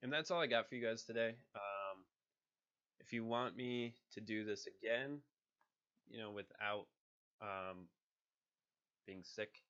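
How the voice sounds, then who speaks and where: A man with a low, bright-edged voice talks casually and a bit hesitantly about his impressions. He sounds nasal from being sick, and the home recording is dull and lo-fi. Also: measured pace, pauses often, smooth. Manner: chatty, hesitant with fillers. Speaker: hobby voice actor. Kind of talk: casual talk to camera.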